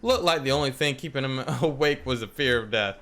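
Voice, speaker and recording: A man's voice: medium pitch, brisk, a bit bright, close to an everyday voice. A man voicing a chatty android woman singer with showy stage banter, reading a game aloud. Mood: storytelling.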